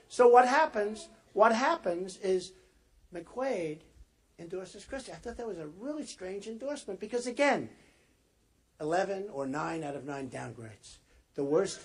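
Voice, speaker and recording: Husky-voiced man giving a rambling rally speech. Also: high-pitched. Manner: rambling and repetitive, talking straight to the crowd. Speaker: political candidate addressing a rally. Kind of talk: off-the-cuff campaign rally speech.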